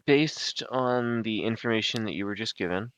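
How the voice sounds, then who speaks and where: A man's voice: fairly low pitch, moderate pace, fairly bright tone. A man narrating as game master of a tabletop game, rambling and restarting his sentences.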